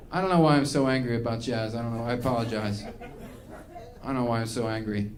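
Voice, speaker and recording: A man's voice: medium pitch, moderate pace. A male stand-up comedian performing a ranting, exasperated set.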